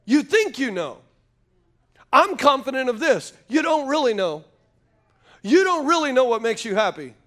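A man's voice: extremely high pitch, sing-song, normal speed, pauses often, fairly bright tone. A man preaching a sermon, telling folksy stories and calling out to the congregation. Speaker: pastor.

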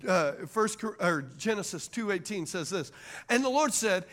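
High-pitched pastor preaching. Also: male voice, animated, normal speed, fairly bright tone. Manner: call-and-response preaching, asks the crowd for amens. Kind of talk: sermon.

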